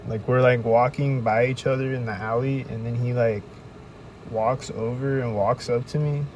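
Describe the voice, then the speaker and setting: Rambling profane man, dark voice. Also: medium pitch, steady tone, normal speed, a little hiss or hum, poor audio. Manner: rambling, profane, quotes others in raised voice. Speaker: podcast host. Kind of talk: casual storytelling monologue.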